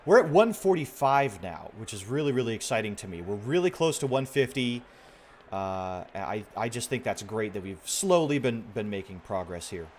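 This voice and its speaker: A man streaming a video game, chatting casually with his viewers in a soft-spoken way, with sentences that often trail off quietly. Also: lowish voice, sing-song, moderate pace, slight background noise. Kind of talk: casual gameplay stream chat.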